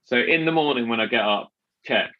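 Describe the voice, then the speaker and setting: A man hosting a podcast in relaxed, rambling chat, often restarting his sentences. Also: mid-range voice, a little fast, dull audio. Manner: chatty, rambling with many restarts and fillers. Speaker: podcast host.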